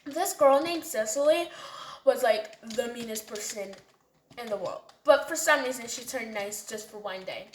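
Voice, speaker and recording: A woman's voice: fairly high pitch, moderate pace, slight background noise. A woman narrating a storytime in a chatty, casual way. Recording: roomy echo.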